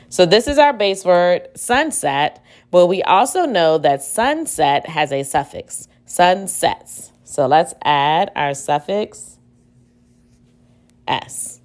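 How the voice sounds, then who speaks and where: A woman's voice: fairly low pitch, animated, takes it slowly. A woman teacher giving a spelling dictation, sounding out syllables and spelling words letter by letter. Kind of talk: slow spelling dictation lesson.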